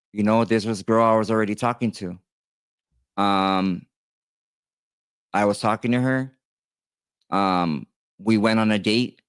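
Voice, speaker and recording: Addressing his viewers, a tattoo artist in his thirties shares a personal story in a smooth, fairly low voice. The monologue is casual and rambling, full of fillers and restarts, and the recording is dry.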